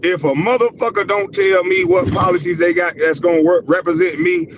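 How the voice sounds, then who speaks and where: A man with a high voice talks bluntly and loudly among friends, swearing freely. There is clear noise in the background behind him. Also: fairly even intonation, fairly quick. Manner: loud, blunt, profane ranting. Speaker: podcast co-host. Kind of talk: heated casual talk.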